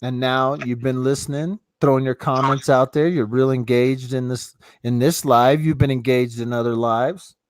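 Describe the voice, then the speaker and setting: A middle-aged man hosts a casual live stream from his phone and chats with callers in a loose, rambling way. He swears freely at an ordinary mid pitch. The sound is dry and close. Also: steady tone, normal speed, hardly any pauses, dry recording. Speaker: livestream host taking callers.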